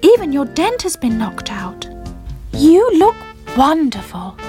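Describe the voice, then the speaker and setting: Cheerful caring kitchen friend, bright and eager, as a woman reader puts it on; soft music beneath. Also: sits high, sing-song, slow pace, heavily acted.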